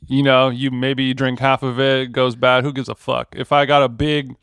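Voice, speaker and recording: A man's voice: medium pitch, level tone, normal speed, a bit bright, clean tone, no echo. A man co-hosting a casual podcast chat, wisecracking and teasing his guest. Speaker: podcast co-host.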